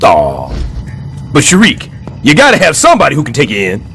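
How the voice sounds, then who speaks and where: A blustering cartoon building super, boastful and sarcastic, high and bright-toned voice, pitch swinging wildly, faint music underneath. He talks big and schemes out loud. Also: huge pitch swings, fairly quick, creaky, slight background noise, full character voice. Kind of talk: animated sitcom voice acting.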